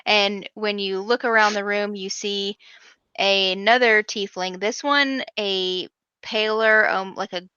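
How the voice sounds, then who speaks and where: Bright-voiced gm lady, chatty with lots of ums, dry muffled sound. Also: mid-range voice, fairly even intonation, takes it slowly, smooth, no echo. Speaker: game master. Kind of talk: narrating a tabletop game.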